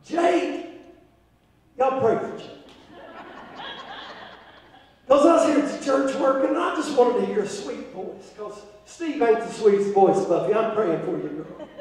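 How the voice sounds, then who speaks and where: A man preaching a fervent sermon as pastor, rising at times to shouts. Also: very high voice, animated, moderate pace. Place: church sanctuary. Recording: echoey church hall from far off.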